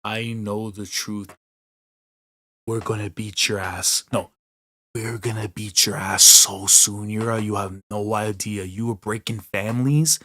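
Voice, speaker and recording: A male host reacting emotionally while reading through a manga, slangy and excitable, swinging between muttered dismay and loud outbursts. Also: lowish voice, measured pace.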